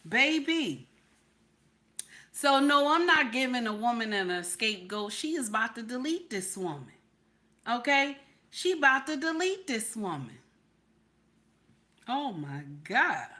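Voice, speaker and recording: A woman's voice: a little high, animated, measured pace, sharp tone. A woman hosting a live stream, preaching and sassy, repeating herself for emphasis. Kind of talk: casual live-stream commentary.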